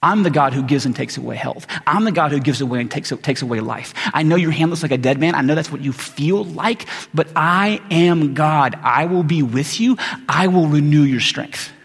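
A man voicing God with calm, firm, repetitive promises, with long hall reverb. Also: fairly high pitch, normal speed, creaky, breathy edge. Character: reassuring all-powerful divine voice, male.

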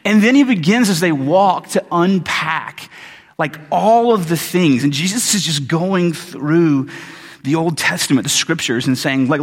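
Husky-voiced pastor preaching in a hall. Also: male voice, a little high, animated, measured pace. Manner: casual storytelling, joking asides. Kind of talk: sermon. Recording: long hall reverb.

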